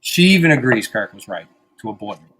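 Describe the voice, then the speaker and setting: A man's voice: fairly low pitch, animated, fast talker, a bit bright, breathy edge. A man hosting a podcast in casual banter, rambling and profane, often mocking himself. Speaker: podcast host.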